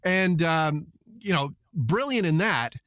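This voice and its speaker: A man on a podcast panel talks in a loose, rambling way, slightly higher than most men. The mic sound is dry and close, with no room around him. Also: animated, takes it slowly, fairly bright tone, no room sound. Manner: laid-back, rambling with fillers. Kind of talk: casual panel chat.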